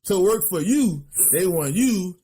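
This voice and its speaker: A man co-hosting a podcast in casual, profane, animated chat. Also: sits high, a little slow, slightly rough. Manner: animated, profane, riffing with mock voices. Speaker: podcast co-host.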